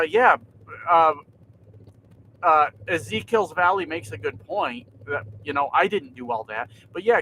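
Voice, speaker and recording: Trucker, male, fairly high, bright voice, loose livestream chatter with lots of swearing and laughing. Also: slight background noise, poor audio. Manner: laid-back, swears often, laughs a lot. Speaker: trucker vlogger. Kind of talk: casual livestream chat. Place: inside a truck cab.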